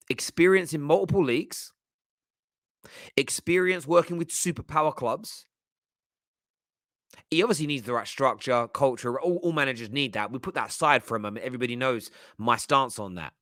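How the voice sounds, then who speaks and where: A man's voice: fairly high pitch, pushed and bright, no room sound, studio quality. A man hosting football fan commentary, talking in a passionate, emphatic way. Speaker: football channel host.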